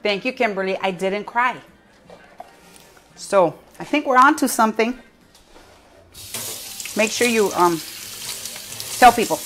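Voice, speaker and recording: A woman's voice: mid-range voice, a little slow, pauses often, fairly bright tone, soft background music. A woman hosting a casual live cooking show, chatty and giggly, talking to her viewers with a piece of bread in her mouth.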